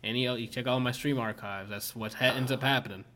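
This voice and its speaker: A man's voice: mid-range voice, steady tone, fast talker, bright, forceful tone, a little hiss or hum. A man streaming, chatting casually and rambling through a story, filling his talk with "like" and swearing often. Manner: rambling, swears a lot, many fillers. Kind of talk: casual chat.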